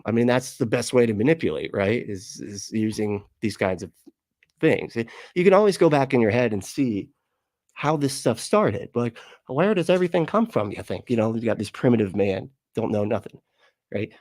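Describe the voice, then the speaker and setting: A low-voiced man hosts a casual livestream, reading his chat aloud and rambling through loose thoughts. He laughs often and swears freely. The sound is dry and close, with no room around him. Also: normal speed, a little mellow, no echo.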